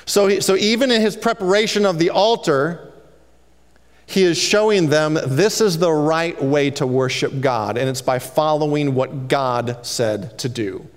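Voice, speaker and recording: A man's voice: fairly high pitch, unhurried, big-room sound. A man preaching an expository sermon, retelling the scripture story in casual everyday paraphrase.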